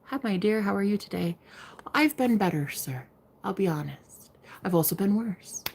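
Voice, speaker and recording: A woman's voice: mid-range voice, animated, moderate pace, creaky, darkish tone, slightly rough. A young woman giving live-stream tarot readings, chatting casually, swearing freely and laughing often. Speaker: tarot reader.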